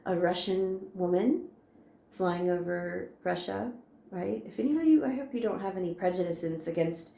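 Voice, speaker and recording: Casual American woman tarot reader, warm low-key delivery, roomy sound. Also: moderate pace, creaky. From United States. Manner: chatty, reassuring, laughs often. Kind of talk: casual spiritual card reading.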